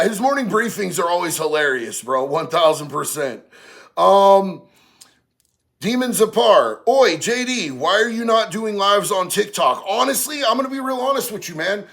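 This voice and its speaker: Gravelly, slangy man on a livestream. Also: sits high, lively intonation, normal speed, a bit bright. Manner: slangy, streetwise, says bro a lot. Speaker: livestream host reading chat. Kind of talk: casual livestream chat.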